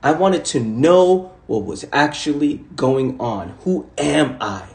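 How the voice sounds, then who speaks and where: A man's voice: on the high side, sing-song, takes it slowly, creaky. A man in his twenties giving a casual live-stream monologue, intense and full of repeated rhetorical questions and swearing. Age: 20s. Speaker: motivational speaker on a live stream. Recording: echoey room.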